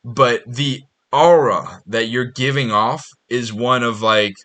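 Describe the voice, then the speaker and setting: A man hosts his own podcast in a casual monologue that's blunt, profane, and rambling, with lots of restarts. His voice sits at a medium pitch, and he speaks slowly with a fairly bright tone.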